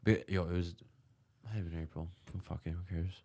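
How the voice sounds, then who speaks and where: Deep-voiced man telling a wild story. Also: fairly even intonation, fairly quick, vocal fry, warm tone. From New York. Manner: loose, profane, laughing storyteller. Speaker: podcast guest. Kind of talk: casual storytelling.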